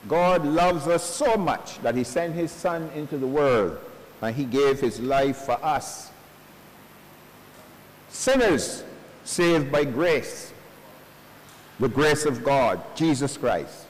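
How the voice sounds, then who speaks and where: A male pastor giving a funeral sermon in earnest, slow preaching sprinkled with homespun stories, recorded at a church service. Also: fairly high pitch, animated. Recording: long church reverb.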